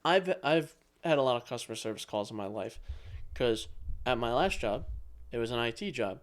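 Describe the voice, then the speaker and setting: A young man co-hosts a podcast in relaxed, casual conversation. He talks plainly and bluntly, dropping dry, matter-of-fact remarks. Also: mid-range voice, moderate pace. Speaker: podcast co-host. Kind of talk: casual chat.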